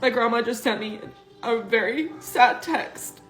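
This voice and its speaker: A young woman making a vlog, earnest and halting, on the verge of crying as she talks. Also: a little high. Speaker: social media poster. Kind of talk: emotional vlog to camera. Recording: echoey room with music under it.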